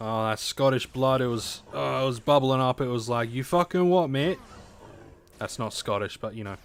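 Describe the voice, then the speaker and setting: Through a desk mic at his home streaming setup, a man with a mid-range voice, fairly even intonation, and vocal fry talks a little fast over slight background noise. He chats casually with viewers while gaming, rambling with lots of fillers and free swearing.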